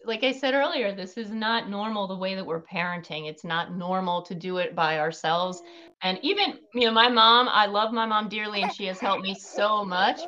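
A woman's voice: medium pitch, pushed and bright. A woman coaching new mothers, talking emphatically and casually on a podcast, now and then swearing for emphasis. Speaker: guest, postpartum mindset coach. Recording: slightly dull lo-fi sound with faint noise.

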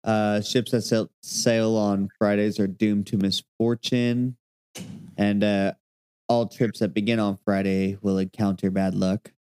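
Low, mellow podcast guy, lots of ums. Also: level tone, unhurried, clear, resonant tone. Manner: hesitant, many ums and uhs. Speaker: podcast co-host. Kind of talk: casual chat, reading out items.

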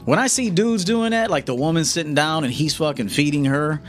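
A man's voice: fairly high pitch, a little fast, faint music behind. A man coaching his audience in a live-stream monologue, blunt and confrontational, often checking "okay?". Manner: blunt, lecturing, confrontational, keeps asking "okay?".

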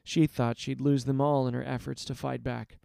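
A man narrating a story aloud in a measured, expressive reading voice. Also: medium pitch, gravelly, smooth, no room sound, studio quality. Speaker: story reader.

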